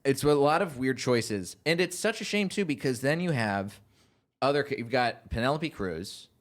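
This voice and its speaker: A man's voice: mid-range voice, animated, moderate pace. A man hosting a casual film podcast, chatting in an opinionated way with jokey asides. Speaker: podcast host.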